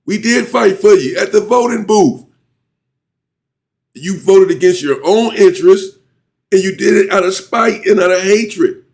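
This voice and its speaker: A man hosting his own commentary channel, ranting indignantly and jumping to high exclamations. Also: animated, measured pace, gravelly, darkish tone.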